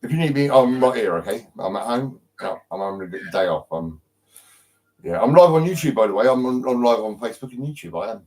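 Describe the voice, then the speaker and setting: A man's voice: medium pitch, lively intonation, a little fast, darkish tone, low-quality recording. A man from England on a live stream from his home, talking in a rambling way with lots of ums and restarts and heavy swearing. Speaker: livestreamer. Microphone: phone.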